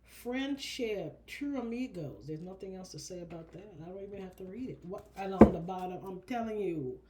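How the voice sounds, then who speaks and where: A woman doing a casual spiritual card reading who talks in an animated, chatty way and calls her listeners baby and honey. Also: medium pitch, normal speed, hardly any pauses, noisy background. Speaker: oracle card reader.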